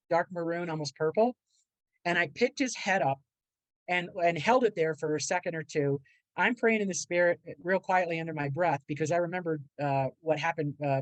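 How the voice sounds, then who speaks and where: On a podcast, a middle-aged woman who works as a motivational speaker earnestly rambles through a story from her own life, performing the voices of its characters. She speaks low-pitched, and the low-quality recording has no room sound.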